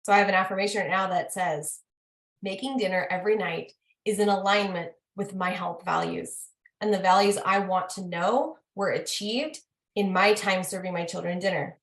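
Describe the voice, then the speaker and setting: A woman hosting a casual talk, chatting in an animated way and quizzing herself with repeated questions. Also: medium pitch, moderate pace. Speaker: host. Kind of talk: casual chat. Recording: roomy echo.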